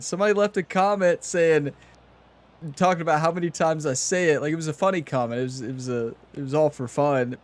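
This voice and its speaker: A man's voice: fairly high pitch, fairly quick. Chatty young man narrating gameplay. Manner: chatty, laughs at himself, talks to viewers. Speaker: gaming channel host. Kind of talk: casual gameplay commentary.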